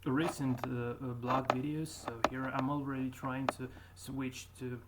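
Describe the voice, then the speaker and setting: A man's voice: medium pitch, a little slow. A man commenting casually on his own old videos, talking hesitantly with many fillers and restarts. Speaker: YouTuber reviewing his own accent progress. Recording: steady background noise.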